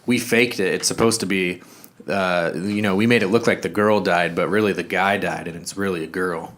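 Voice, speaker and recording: Low-voiced man retelling a film plot. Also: fairly even intonation, moderate pace, a bit bright. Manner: loose plot retelling with fillers and quoted asides. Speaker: podcast co-host. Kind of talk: casual movie review chat.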